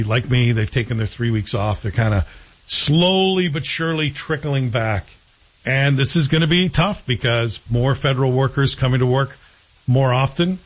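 Male host, casual talk radio, wry asides, lo-fi studio audio. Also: medium pitch. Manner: chatty, self-deprecating, joking asides. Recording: dull radio broadcast.

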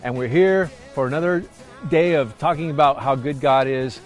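A man's voice: mid-range voice, faint music behind. A man co-hosting a casual Christian chat show with his wife, playful and joking. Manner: joking, playful, reads scripture slowly. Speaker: co-host.

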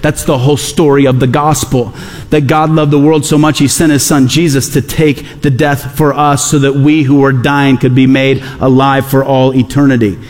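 A man's voice: medium pitch, darkish tone. A middle-aged man preaching a sermon as a pastor, conversational, acting out the voices he quotes. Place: church sanctuary. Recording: long hall reverb.

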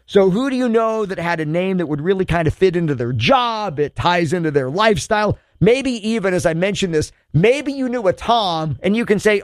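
A man's voice: high voice, expressive, normal speed, hardly any pauses, no room sound, studio quality. A man hosting a call-in radio show, chatty and upbeat, reading out the phone number. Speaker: radio host. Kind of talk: morning radio call-in banter. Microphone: studio mic.

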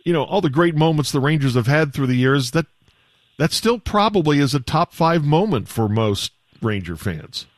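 A male radio host chatting about sports with a guest in a relaxed, joking way. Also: a little high, moderate pace, no room sound, clean studio sound.

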